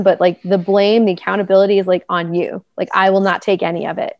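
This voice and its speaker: A woman's voice: mid-range voice, flat delivery, quick pace, few pauses, darkish tone, dry recording. A woman co-hosting a casual talk show, chatting with many fillers and acting out quoted speech in different voices. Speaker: podcast co-host. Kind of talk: casual conversation about relationships.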